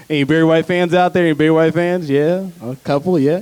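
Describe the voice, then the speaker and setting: Stand-up comedian, male, slightly high voice, conversational and loose with the crowd, dry close mic. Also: measured pace, darkish tone, clear, resonant tone, no echo. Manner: loose, conversational delivery with frequent laughs and asides to the crowd. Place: theater stage before a live audience.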